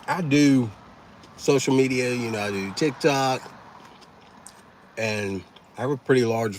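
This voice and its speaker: A man talks easygoingly to his livestream viewers at an unhurried pace, thanking them as they come in. His voice sits a little low, with faint background noise under it. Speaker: livestream host. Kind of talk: casual livestream chat.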